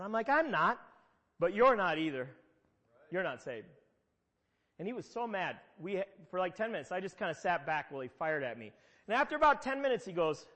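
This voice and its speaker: A man's voice: high voice, big pitch swings, brisk, sharp tone. A middle-aged man preaching a sermon, telling stories conversationally with emphatic repetitions. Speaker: pastor. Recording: long hall reverb.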